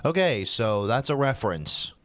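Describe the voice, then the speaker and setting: A sarcastic man riffing on a terrible fanfic, jumping into loud disbelieving yelps. His voice sits at a middle pitch. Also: very animated, normal speed, background noise. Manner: sarcastic, with incredulous outbursts. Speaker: youtuber reading a fanfic aloud. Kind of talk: comic reading commentary.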